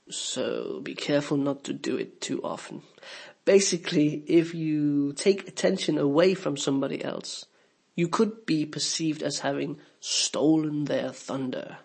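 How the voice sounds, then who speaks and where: Man, English tutor voice-over, slightly higher pitch, gravelly and a bit husky, clear explanatory read. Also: a little mellow. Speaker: English teacher. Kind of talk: scripted lesson narration.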